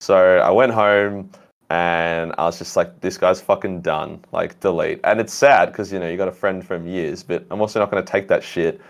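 A man's voice: sits low, steady tone, moderate pace, vocal fry. A man guest on a casual podcast chat, telling stories bluntly with heavy swearing. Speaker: guest, content creator.

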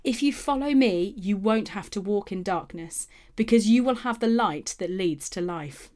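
Woman reading as Jesus, earnest and measured. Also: medium pitch, lively intonation, a little mellow, natural voice. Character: Jesus, calm grown male teacher. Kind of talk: Bible reading.

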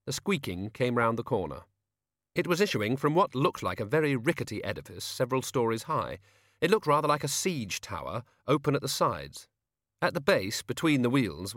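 Guy narrating an audiobook, wry and expressive, lots of up and down, super dry studio sound. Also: lowish voice, dry recording. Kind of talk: scripted narration.

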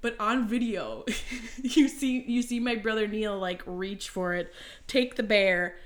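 A woman in her thirties co-hosting a casual podcast, telling animated family stories and breaking into loud laughter. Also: mid-range voice, slow. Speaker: podcast co-host. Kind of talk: casual chat.

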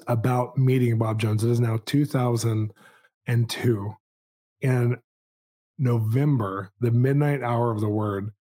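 A man in his forties, a podcast host, telling a personal story in a casual, animated way, with quick asides and a self-amused tone. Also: medium pitch.

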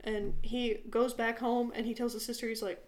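Brief: young woman podcast co-host, higher voice, casual, swears, acts out the people in her stories. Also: level tone, moderate pace. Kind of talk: casual chat.

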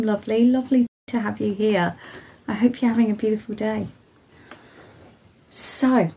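A woman's voice: mid-range voice, a little mellow, breathy edge. Effusive English woman hosting a podcast. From England. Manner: effusive, greets listeners as gorgeous and lovely. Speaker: podcast host and meditation teacher. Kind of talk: chatty live-stream welcome.

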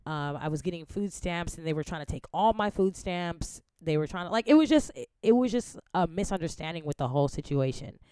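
A woman's voice: fairly low pitch, brisk, hardly any pauses, clean tone, no room sound, clean studio sound. A young woman hosting a podcast, casually telling a personal story with lots of slang and swearing, from the Bay Area. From San Francisco Bay Area. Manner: slangy, profane, animated retelling. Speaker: podcast host.

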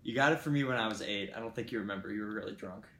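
A man playing a hesitant, sheepish young adult son who talks in halting fillers. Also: fairly low pitch, fairly bright tone. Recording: roomy echo.

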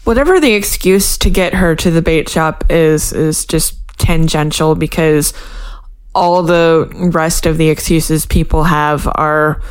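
A woman's voice: sits low, measured pace, clear, resonant tone. Dry-witted woman co-hosting a podcast. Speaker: podcast co-host. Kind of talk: casual chat recapping a TV show.

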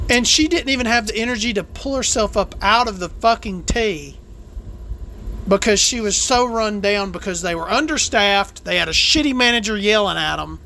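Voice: medium pitch, bright, forceful tone, slight background noise, heavily acted. Someone playing a brash, foul-mouthed trans woman host. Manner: ranting, profane, rambling. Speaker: podcast host. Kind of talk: comedic character monologue.

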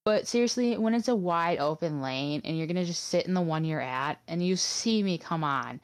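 A woman from Wisconsin co-hosting a casual podcast, complaining in an exasperated, animated way. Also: lowish voice, moderate pace, clear, resonant tone. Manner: animated, exasperated, laughing between phrases. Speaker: podcast co-host. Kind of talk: casual chat.

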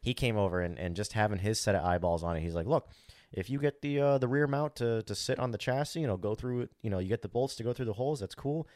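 Man, podcast co-host, casual storytelling, lowish voice, dry close sound, swears, acts out his thoughts. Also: fast talker, no room sound. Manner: animated, acts out his own inner thoughts, swears freely; frequent "like" fillers.

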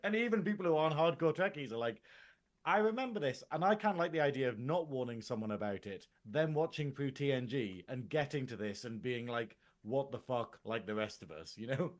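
A man co-hosting a show in loose casual chat, his voice sitting at an ordinary middle pitch. He rambles, swears freely and laughs often as he talks. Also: animated, fast, few pauses. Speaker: co-host.

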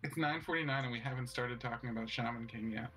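A man's voice: medium pitch, quick pace, low-quality recording. Guy cohosting a podcast, joking around acting all offended, faint music under it. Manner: teasing, playfully mock-offended. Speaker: podcast co-host. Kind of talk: casual chat.

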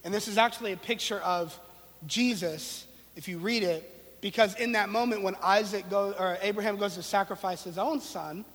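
High-voiced man preaching with reverb. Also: moderate pace, a bit bright. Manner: slangy, playful, with sarcastic asides. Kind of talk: casual conversational sermon.

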